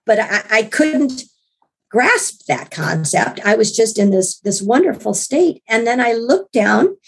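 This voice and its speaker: A woman guest with a gravelly, husky voice, recounting her own experience at length. She tells it earnestly and with animation, often restarting her sentences. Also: fairly high pitch, very animated, measured pace. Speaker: guest author. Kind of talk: personal storytelling in an interview.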